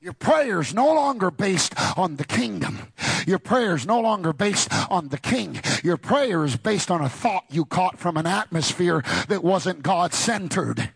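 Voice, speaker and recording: A man preaching with rising fervor, tossing out calls for the congregation to answer and climbing into shouts. His voice sits high and gravelly, with a husky edge. The sound is close and dry, with no room around it. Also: lively intonation, a little slow, no room sound. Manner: builds to shouted, fervent climaxes; call-and-response with congregation. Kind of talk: sermon.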